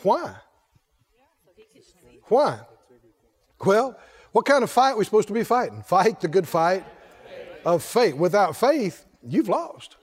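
High-voiced man preaching with shouted refrains. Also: very animated, slow pace, long pauses, husky. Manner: emphatic call-and-response preaching with shouted refrains. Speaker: pastor. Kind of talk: sermon.

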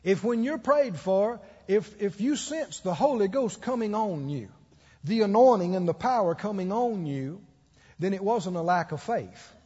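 A preacher delivers his sermon in a high, slightly husky voice, acting out the people in his stories. The recording is muffled, and a long echo hangs in the church hall. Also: unhurried. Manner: animated storytelling with acted-out quotes and laughter. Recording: dull echoey church hall.

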